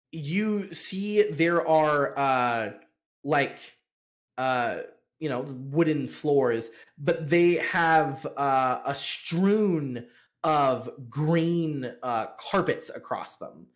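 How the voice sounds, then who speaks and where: A man narrates as game master of a tabletop game in a slightly high voice. He talks slowly, halting and filling his scene descriptions with many pauses. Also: animated. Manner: halting, full of fillers and slowed descriptions.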